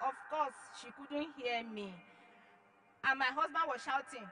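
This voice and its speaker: A woman giving an emotional church testimony, dramatic, acting out her own shouts and then dropping to hushed tones. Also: high-pitched, lively intonation, normal speed, low-quality recording. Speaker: testimony giver.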